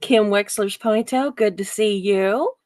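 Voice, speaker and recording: A woman's voice: medium pitch, unhurried, a little mellow, no room sound, clean studio sound. Chatty, laughing woman live-streaming. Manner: chatty, rambling, laughs often. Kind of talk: casual live stream chat.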